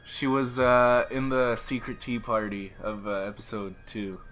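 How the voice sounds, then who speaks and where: A man's voice: mid-range voice, a little slow, soft background music. A man reading a visual novel aloud to a friend, narrating steadily and chatting casually between passages. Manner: steady narrating, laughs often.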